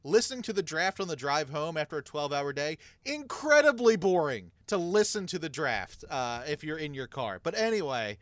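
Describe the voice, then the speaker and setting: A man co-hosting a casual sports chat, telling his story in a chatty way and getting loud when excited. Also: fairly high pitch, moderate pace, hardly any pauses, no room sound, clean studio sound. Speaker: podcast co-host.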